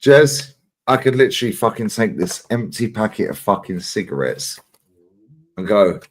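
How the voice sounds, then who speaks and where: A lively man hosting his channel's live chat, talking fast and loose with plenty of swearing. His pitch swings widely as he tells his stories, sitting on the lower side overall. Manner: animated, swearing storyteller. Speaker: channel host.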